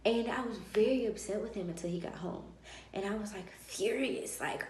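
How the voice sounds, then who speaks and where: A woman vlogger telling a personal story in a lively way and acting out the dialogue of others. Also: mid-range voice, normal speed, a little hiss or hum. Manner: animated, acts out dialogue. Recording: roomy echo.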